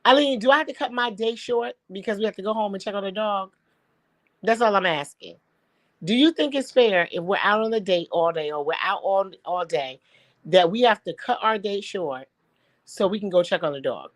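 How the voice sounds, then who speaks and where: A woman's voice: mid-range voice, animated, normal speed, no room sound. A young adult woman co-hosting a radio talk show in casual chat, who talks in an emphatic, incredulous way and keeps pressing her questions.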